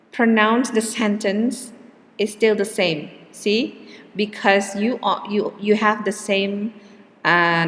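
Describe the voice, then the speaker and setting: A woman teaching an English lesson, speaking example sentences slowly and deliberately, with hesitant fillers between points. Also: medium pitch, fairly bright tone. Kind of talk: recorded classroom lesson. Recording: faint room reverb and background hiss.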